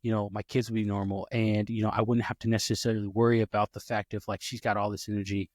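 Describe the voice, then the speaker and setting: Rambling, restarting podcast dad. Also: male voice, fairly low pitch, flat delivery, fast talker, no echo, clean studio sound. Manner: rambling with many restarts and fillers; acts out quoted dialogue. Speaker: podcast host. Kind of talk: casual conversation.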